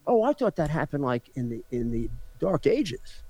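A man on a radio show, deadpan, playing a confused older character as a bit. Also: on the high side, moderate pace, slightly rough, no echo.

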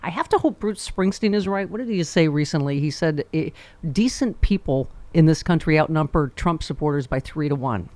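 Chatty radio host lady, low voice, laughs a lot, dry studio mic. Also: animated, moderate pace, a little mellow, no room sound. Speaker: radio talk show host. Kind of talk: casual radio interview.

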